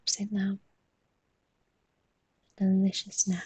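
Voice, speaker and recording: A woman talks in a soft, mostly whispered voice and yawns often as she chats with viewers on a live stream while she draws. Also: fairly high pitch, unhurried, breathy edge, dry recording.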